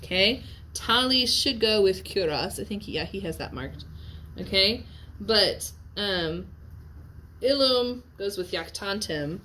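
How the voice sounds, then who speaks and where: A woman teaching a Latin class, chatty and lively, checking in often with her students and sounding a bit tired. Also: mid-range voice, unhurried. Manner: lively, chatty, asks frequent check-in questions. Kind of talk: classroom lecture on a Latin text.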